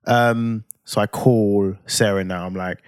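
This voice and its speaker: A man in his twenties with a London accent, telling a story on a podcast in casual chat, animated and swearing freely. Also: lowish voice, a little fast, dry recording, clean studio sound. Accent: London English. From England. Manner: animated, swears freely, acts out heated quotes. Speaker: podcast co-host.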